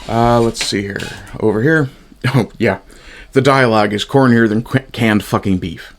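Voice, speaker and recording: A man's voice: fairly low pitch, slow, long pauses, slight background noise. A man in his fifties giving a sarcastic, exasperated review, swearing often as he rants. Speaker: TV show reviewer. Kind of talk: ranting review commentary.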